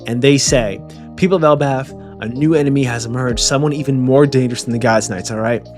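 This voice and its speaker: A man's voice: mid-range voice, brisk, darkish tone, soft background music. A man casually reacting to a comic chapter, rambling and joking with profanity and stammering repeats. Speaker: manga chapter reviewer.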